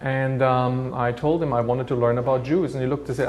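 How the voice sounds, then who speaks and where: A man's voice: medium pitch, little pitch movement, fairly quick, hardly any pauses, darkish tone, a little hiss or hum. Earnest German-accented man telling his story. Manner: earnest, reflective, with restarts. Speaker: guest recounting his life. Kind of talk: personal testimony.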